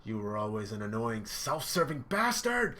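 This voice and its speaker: A man's voice: medium pitch, big pitch swings, moderate pace, bright, forceful tone. A man reading the lines of a stubborn, battered young male pirate captain in a blunt, defiant way.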